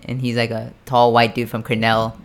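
A man's voice: medium pitch, completely flat delivery, normal speed, smooth. A young man from Japan telling a rambling party story in casual chat, packed with "like" and "right?" and the odd curse. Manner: rambling, filler-heavy, sprinkled with swearing.

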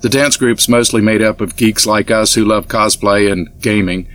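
A man's voice: lowish voice, steady tone, moderate pace, a bit bright, close to an everyday voice. A man reading a chatty young woman dancer in an audiobook, lifting his voice for her.

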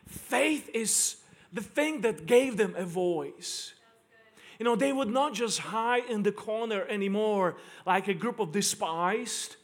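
A man's voice: sits high, lively intonation, slow pace. A man preaching a sermon to a congregation, emphatic and repeating key lines for stress. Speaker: pastor. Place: church service in front of a congregation.

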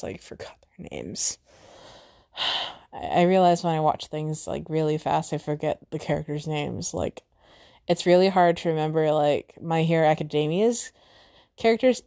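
Rambling young woman podcaster, low voice. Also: mellow. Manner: rambling, many fillers and self-corrections. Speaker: podcast host. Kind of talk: casual solo chat.

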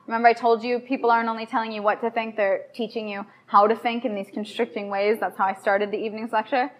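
A high-voiced woman giving a lecture to a live audience. She keeps it chatty and playful and often turns to the listeners with questions. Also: level tone, fast talker. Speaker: lecturer on raw food and yoga.

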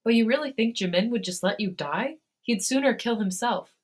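Woman reading as a soft-spoken caring young man. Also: a little high, normal speed, voice pushed up, lightly acted. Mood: gentle. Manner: gentle, soothing. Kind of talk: fan fiction read aloud.

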